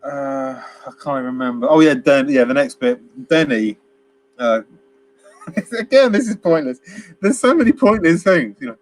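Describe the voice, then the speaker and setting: A man's voice: medium pitch, expressive, measured pace. A man co-hosting a casual film review chat, rambling and laughing as he acts out quotes. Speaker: podcast co-host.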